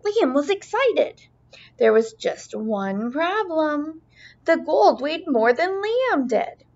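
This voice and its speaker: A woman teacher reading a children's storybook aloud in an expressive, sing-song way. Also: high-pitched, slow. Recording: dull lo-fi recording.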